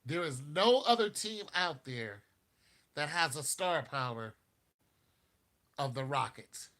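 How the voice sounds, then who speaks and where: A man hosting a casual basketball talk show, animated, laughing often and talking straight to his viewers. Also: a little high, takes it slowly. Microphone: streaming mic.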